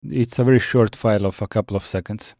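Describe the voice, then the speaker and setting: A man chatting casually on a live stream, reading out viewer comments and answering with frequent pauses and restarts. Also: fairly low pitch, steady tone, darkish tone, no echo, clean studio sound. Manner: halting, many fillers and restarts, reads chat aloud.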